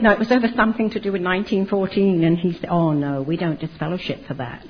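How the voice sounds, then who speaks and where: A woman's voice: on the low side, expressive, brisk, a crowd in the background. An older woman giving a chatty, humorous personal testimony about her life. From Canada. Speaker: testimony speaker. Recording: dull lo-fi recording.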